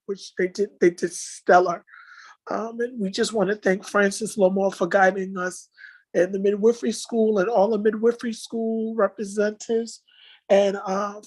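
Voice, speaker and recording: A woman presenting event slides in a casual, halting way, full of fillers and restarts, and moved to tears at times. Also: medium pitch, no room sound, poor audio. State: tearful at times. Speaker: nursing association organizer presenting slides. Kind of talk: casual spoken slideshow recap.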